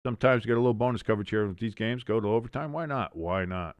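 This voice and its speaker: A man's voice: fairly low pitch, very fast, no echo. A man hosting a casual live sports watch-along, chatty, with sarcastic, mocking asides.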